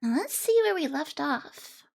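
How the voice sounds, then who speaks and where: A bubbly woman streamer chats with her live audience and thanks them eagerly. Her voice is bright and high but a little congested. Soft game music hums underneath. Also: big pitch swings, measured pace, creaky. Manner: bubbly, chatty, thanks viewers. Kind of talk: casual live-stream chat.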